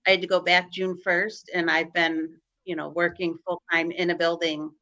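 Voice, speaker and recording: A woman with a Chicago accent chats as a stream guest, her voice bright and forward and sitting a little low for a woman. She rambles, piling up "um"s and restarts as she tells her stories. She comes through on a video call. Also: level tone, normal speed, highs cut off. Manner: rambling, filler-heavy storytelling. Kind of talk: casual chat on a live stream.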